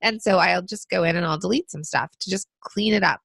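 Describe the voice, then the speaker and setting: A woman co-hosting a business podcast, giving casual advice with lots of fillers, her voice still rough from being sick. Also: lowish voice, brisk, a bit bright, dry recording. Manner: conversational, frequent fillers. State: recovering from illness. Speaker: podcast co-host.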